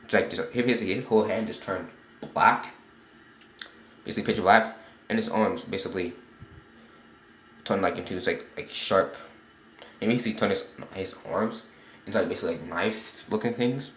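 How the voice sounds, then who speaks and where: Low-ish guy rambling thru a fan story, swears a lot, echoey room. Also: fairly quick, long pauses, slight background noise. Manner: rambling, leans on "basically" and swearing. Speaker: channel host. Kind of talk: casual retelling of a fan story. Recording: roomy echo.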